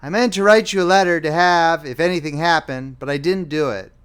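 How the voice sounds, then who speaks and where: A man voicing a dying young British woman, speaking softly and tenderly. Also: fairly high pitch, fairly quick, smooth, close to an everyday voice. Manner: soft, weak, tender.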